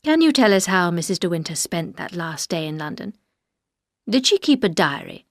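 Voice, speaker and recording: A woman's voice: on the low side, big pitch swings, moderate pace, dry recording, clean studio sound, pitched below the performer's own voice. A woman doing a stern formal colonel.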